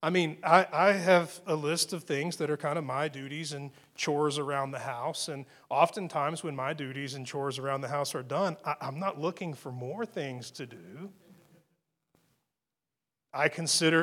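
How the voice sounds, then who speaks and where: A man's voice: fairly high pitch, normal speed, a bit bright. A man preaching a sermon as pastor, in a conversational way with frequent fillers and repeated phrases.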